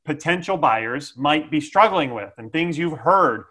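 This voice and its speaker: Sales coach, male, slightly high pitch, animated and playful, frequent "okay?". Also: unhurried. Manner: lively, jokey, with frequent "okay?" check-ins. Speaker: sales trainer. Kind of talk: instructional sales talk.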